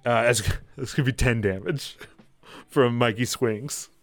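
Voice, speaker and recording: A man's voice: mid-range voice, unhurried. A man narrating a tabletop game as game master, rambling with many fillers and laughing asides.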